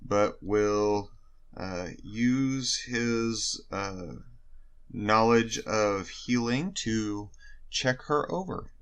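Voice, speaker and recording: A man taking his turn as a player in a tabletop game, unhurried with hesitant fillers. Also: fairly low pitch, fairly bright tone, clear, resonant tone.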